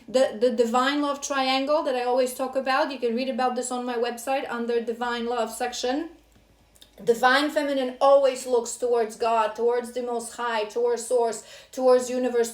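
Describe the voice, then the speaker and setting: A woman's voice: sits high, echoey room. Earnest woman giving a tarot reading. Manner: earnest, scolding, emotional. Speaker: tarot reader. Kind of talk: spiritual tarot reading to viewers.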